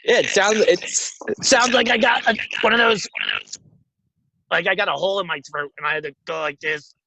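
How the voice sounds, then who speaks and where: Holding a phone in his parked car, a young man co-hosts a podcast, quick to joke as he rambles and riffs through casual comedic chat. His voice is high and sharp with fairly even intonation, and the rough recording carries a little hiss or hum.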